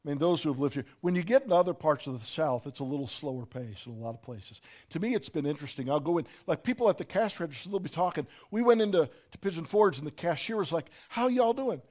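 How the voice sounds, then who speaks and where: High-voiced preacher swinging from hush to shout. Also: male voice, expressive, fast talker, few pauses. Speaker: pastor. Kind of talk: sermon.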